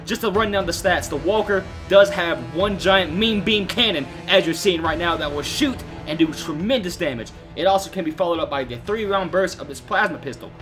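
A man's voice: high-pitched, brisk, hardly any pauses, fairly bright tone, soft background music. A young man hosting a gaming channel, giving casual, jokey, profane gameplay commentary to his viewers.

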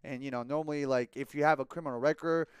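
A man's voice: fairly high pitch, steady tone, quick pace, clear, resonant tone, no room sound. A young man streaming a game and rambling through a casual story, with lots of likes and restarts.

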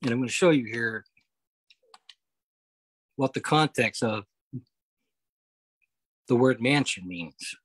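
A man leading a Bible study over a video call, explaining scripture step by step, often pausing on okay and uh. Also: mid-range voice, lively intonation, fairly bright tone, breathy edge, dry recording, low-quality recording. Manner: explanatory, repeats key points, frequent okay and uh. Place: home, online meeting.

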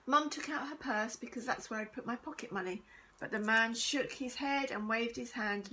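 A woman teacher reading a children's chapter book aloud, steady and expressive. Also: on the high side, moderate pace, low-quality recording. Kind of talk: storybook read-aloud.

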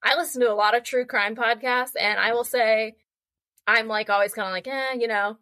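A young woman guest on a podcast, telling animated, chatty anecdotes and acting out voices as she goes. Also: fairly high pitch, a little fast, dry recording. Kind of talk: casual storytelling conversation.

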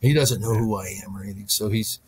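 A man's voice: fairly low pitch, fast talker, breathy edge. A middle-aged man, a wine specialist, chatting as a guest and telling long anecdotes, with frequent restarts. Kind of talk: storytelling interview chat.

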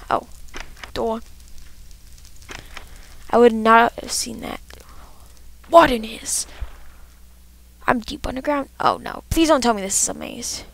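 A woman's voice: on the high side, slow, pauses often. Frustrated woman narrating her gameplay. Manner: talks to herself, frequent frustrated outbursts. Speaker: gamer. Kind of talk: let's play commentary.

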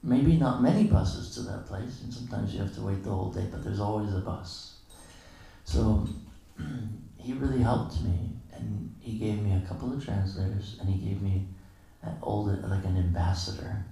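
Gravelly man telling stories in an echoing hall. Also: on the low side, moderate pace, warm tone. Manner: casual storytelling, acting out quoted dialogue with chuckles. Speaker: guest lecturer at a temple. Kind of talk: anecdotal morning lecture. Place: temple hall. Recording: very echoey hall, distant mic.

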